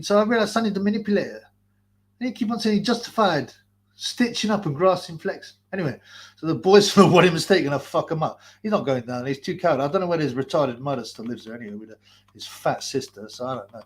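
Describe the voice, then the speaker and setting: A man hosting a livestream, wearing a mask in a hot basement, ranting crudely and mocking people between laughs. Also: fairly high pitch. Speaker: livestream host. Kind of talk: profane ranting livestream commentary.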